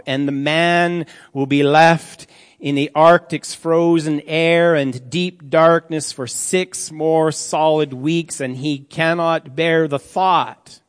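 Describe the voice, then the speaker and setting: Male preacher, slightly high voice, unhurried and grave, sermon in a reverberant church hall. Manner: slow, solemn reading with dramatic drops to near-quiet.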